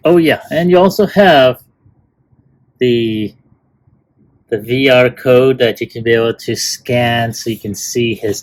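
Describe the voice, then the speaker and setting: Slow, rambling man reviewing toys. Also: mid-range voice, darkish tone. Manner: rambling, many fillers and restarts. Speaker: toy reviewer. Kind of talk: casual unboxing review.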